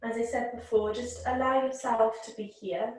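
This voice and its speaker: Calm woman leading yoga breathwork, voice set back in a very echoey room. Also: a little high, far from the mic. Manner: calm, gentle, unhurried guidance. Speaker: yoga teacher. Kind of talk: guided yoga and breathing instruction.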